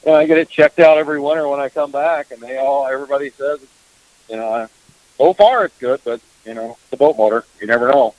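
A man's voice: medium pitch, fast, no room sound. A man talks in loose, rambling fashion, stacking filler words as he goes. The sound is dull and lo-fi, like an old radio feed. It's dry and close, with no room around him. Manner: rambling, heavy on "you know" fillers. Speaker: fishing guest. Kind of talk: casual radio chat.

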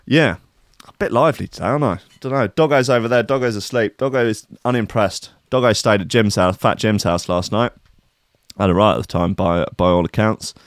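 A man's voice: on the low side, fairly quick, dry recording, studio quality. A young British man hosting a casual livestream as a DJ, rambling, sweary and self-mocking as he chats. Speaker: DJ and stream host.

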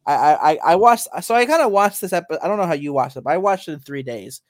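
A young man co-hosting a casual anime podcast, excitable and stammering, repeating words as he talks. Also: fairly high pitch, quick pace, dry recording, clean studio sound. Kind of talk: casual review chat.

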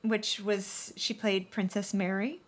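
A woman's voice: medium pitch, little pitch movement, takes it slowly. A woman co-hosting a casual chat, listing actors' credits in a chatty way with lots of fillers. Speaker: podcast co-host. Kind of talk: casual chat reviewing a TV show's cast.

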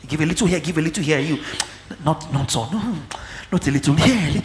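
A male preacher delivering a sermon, dropping to low murmurs and then breaking into shouts. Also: expressive, fairly quick, a little hiss or hum. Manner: fiery, swings between low murmurs and shouting. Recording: echoey hall.

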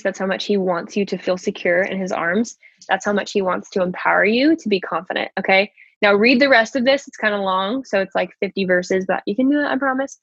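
A young woman coaching on her podcast in a chatty, emphatic way, peppering her talk with "like" and "okay" and stopping to read scripture aloud. Her voice sits at an ordinary middle pitch. The recording is dry and a little dull. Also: a bit bright, no room sound. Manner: reads scripture aloud between remarks. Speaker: podcast host and pageant coach. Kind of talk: casual motivational faith talk.

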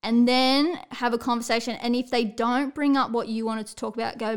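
A woman's voice: on the high side, steady tone, brisk, hardly any pauses, clean tone. A woman sports coach, giving a blunt, motivational talk to camera, swearing casually and checking in with "all right?".

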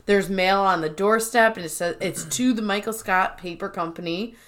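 A woman's voice: medium pitch, moderate pace, fairly bright tone. A woman co-hosting a podcast in casual chat, recapping episodes and acting out quoted lines. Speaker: podcast co-host.

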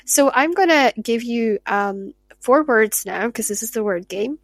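Woman podcast host, raised pitch, dry close sound, chatty and effusive. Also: expressive, unhurried, no echo. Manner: chatty, effusive, laughs easily. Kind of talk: casual interview chat.

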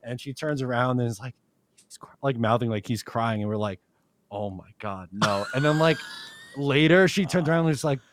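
A man's voice: mid-range voice, a little fast, a little hiss or hum. A man in his twenties, a podcast co-host, telling a rambling story in casual sports chat and laughing often.

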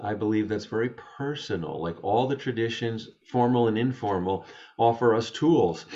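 Male guest, low voice, gentle reflective storyteller, dull lo-fi remote sound. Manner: gentle, thoughtful, with frequent restarts. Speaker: interview guest. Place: home study.

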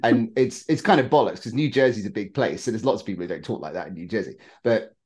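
Man chatting on a podcast, fairly low voice, lots of restarts and little laughs. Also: expressive, quick pace, a little mellow, breathy edge. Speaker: podcast co-host. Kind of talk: casual chat.

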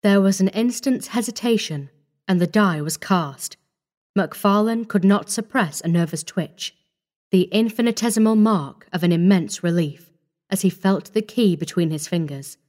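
A woman narrating a classic short story in a measured, steady reading. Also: medium pitch.

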